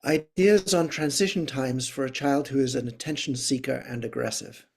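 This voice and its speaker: A man's voice: medium pitch, normal speed, gravelly, darkish tone, slightly rough. A man reading viewer questions aloud in a matter-of-fact way during a live teaching session. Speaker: co-host reading audience questions.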